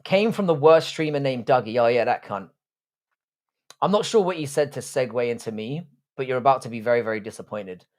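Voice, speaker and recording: A man's voice: medium pitch, lively intonation, fairly quick, a little mellow. Crude, joking young British man streaming. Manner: crude, profane, joking banter. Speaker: live-stream host. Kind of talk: casual live-stream chat, reading viewer comments.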